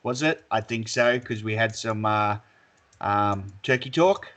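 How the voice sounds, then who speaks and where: A man's voice: lowish voice, a little slow, a bit bright. An Australian man co-hosting a podcast, bantering and joking crudely with lots of swearing. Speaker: podcast co-host. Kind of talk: casual banter.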